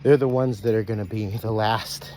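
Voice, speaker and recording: A man gives a loose, rambling preaching monologue to his online followers, repeating phrases, breaking off mid-sentence, and calling out to them as brothers and sisters. His voice is fairly low and a little mellow, with fairly even intonation at a normal speed, over slight background noise.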